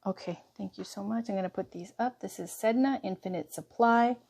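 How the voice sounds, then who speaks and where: A woman giving a chatty tarot reading, going hoarse as she loses her voice. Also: mid-range voice, brisk, darkish tone. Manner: chatty, reassuring, drifts between reading aloud and asides. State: losing her voice. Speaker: tarot reader.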